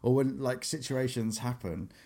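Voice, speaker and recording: A man's voice: mid-range voice, moderate pace. A man, a comedian telling stories in casual podcast chat and acting out what people said. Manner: animated storytelling, acts out quotes.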